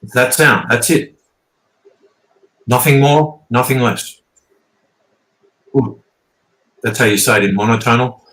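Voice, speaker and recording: A man's voice: medium pitch, unhurried, long pauses, fairly bright tone. A man, rambling and swearing as he explains things casually, often checking in with "okay?". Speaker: guest teacher. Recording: roomy echo.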